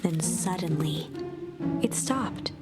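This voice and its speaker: A woman doing whispered story narration in a hushed, suspenseful whisper. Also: low voice, expressive, slow pace, over loud music.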